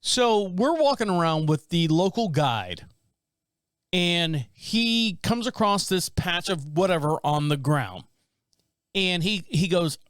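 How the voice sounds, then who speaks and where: A man's voice: high voice, normal speed, a bit bright, clear, resonant tone, no echo. A middle-aged man hosting a podcast from a small studio, telling rambling stories in casual chat and laughing often. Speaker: podcast host.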